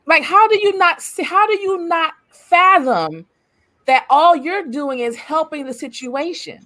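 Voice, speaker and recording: A woman's voice: very high-pitched, lively intonation, unhurried, pushed and bright. A woman on a podcast panel, talking emphatically and passionately, hammering home repeated rhetorical questions. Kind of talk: casual discussion.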